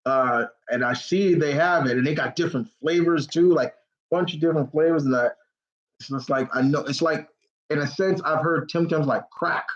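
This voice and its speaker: A man's voice: fairly high pitch, normal speed. A man hosting a live question-and-answer stream. He talks in a rambling, casual way with many restarts, and he gets openly emotional, close to tears. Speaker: host of a live Q&A. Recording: dull lo-fi stream audio.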